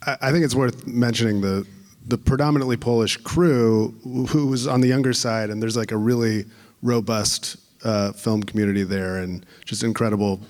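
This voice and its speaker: Man, lowish voice, hesitant producer on a panel, hall echo. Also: steady tone, normal speed, darkish tone. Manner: hesitant, stumbling starts. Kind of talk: panel discussion. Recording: hall reverb on stage.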